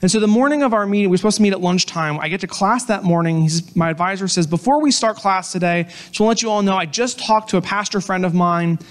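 Young guy preaching a sermon, fairly high voice, lively storytelling, does little voices for quotes. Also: fast talker, hardly any pauses. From Pennsylvania, US. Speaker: pastor.

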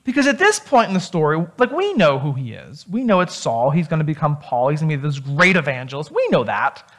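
A pastor preaching a sermon in a conversational, animated storytelling manner. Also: medium pitch, brisk.

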